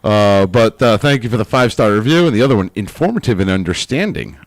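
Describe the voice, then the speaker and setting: A man's voice: fairly low pitch, expressive, fast, no room sound. A man co-hosting a podcast in casual banter, joking and laughing often while reading listener reviews aloud. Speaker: podcast co-host.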